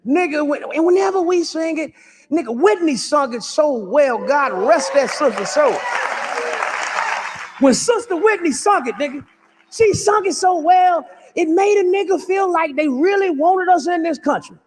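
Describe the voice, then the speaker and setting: A man performing a stand-up comedy routine, riffing loudly and profanely with big swings in pitch. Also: lively intonation, moderate pace, some chatter behind.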